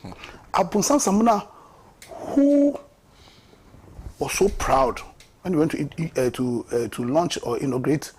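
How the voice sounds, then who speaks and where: A man's voice: a little high, huge pitch swings, unhurried, long pauses, darkish tone, a little hiss or hum. A man with a Ghanaian accent giving impassioned, mocking political commentary on a talk show, often repeating words for emphasis. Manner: impassioned, mocking, repeats words and laughs at his own jabs.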